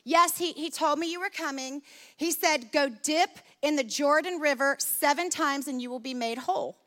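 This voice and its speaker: A polite servant answers calmly and plainly in a high, bright voice, as a woman preacher plays him. His tone stays patient and matter-of-fact. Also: moderate pace.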